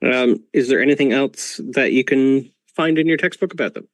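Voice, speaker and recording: A man's voice: mid-range voice, normal speed, dry recording. A man running a tabletop game over a video call, lecturing patiently as a professor, with many ums. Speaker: game master playing a professor.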